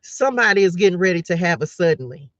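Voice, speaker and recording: A woman's voice: fairly low pitch, animated, fast talker, a bit bright, no room sound. A woman hosting a spiritual live stream, talking with passion and repeating her points as she calls out to her listeners. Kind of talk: fervent preacher-like live-stream pep talk. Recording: dull, dry lo-fi sound.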